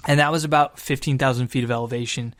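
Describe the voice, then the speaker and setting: A man's voice: medium pitch, fairly even intonation, fast, fairly bright tone, dry recording, studio quality. A man hosting his own podcast, telling a travel story in an enthusiastic, casual way. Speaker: podcast host and Catholic evangelist.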